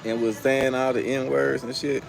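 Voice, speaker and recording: A man's voice: mid-range voice, level tone, unhurried, creaky. A young man hosting a casual livestream outdoors, telling stories in loose slang and talking to his chat. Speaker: livestream host. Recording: music playing loudly behind.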